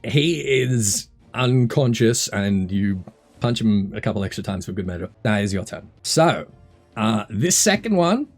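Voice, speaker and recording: Low-voiced man running a tabletop game. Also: animated, measured pace, soft background music. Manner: describes scenes with frequent fillers and restarts. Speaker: dungeon master.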